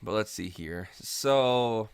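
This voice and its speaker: A man's voice: on the low side, slow pace, clean tone, dry recording, studio quality. A tipsy young man co-hosting a movie review podcast, chatting casually with lots of swearing and mocking the characters. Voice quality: animated, swearing, mocks characters with voices. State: tipsy from drinking.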